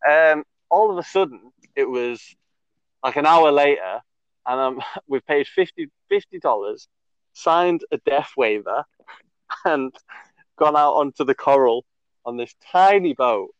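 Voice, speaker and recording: A man's voice: a little high, lively intonation, measured pace, smooth, no echo. A man hosting a casual chat, rambling through a story with fillers, swearing and frequent laughs. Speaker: podcast host. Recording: dull lo-fi recording.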